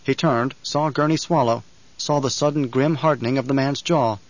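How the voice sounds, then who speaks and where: Steady male narrator for a novel; dry, muffled read. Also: mid-range voice, moderate pace, no room sound. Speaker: audiobook narrator. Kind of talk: scripted narration.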